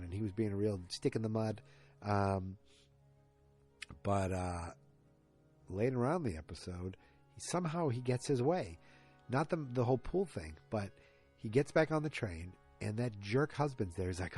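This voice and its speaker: A man with a low, slightly husky voice talks through a television episode in a casual, meandering podcast recap. He trips over words, restarts often and fills gaps with ums. Faint music sits in the background. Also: lively intonation, normal speed, a little mellow. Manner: rambling, loose retelling with many fillers and restarts. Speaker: podcast host.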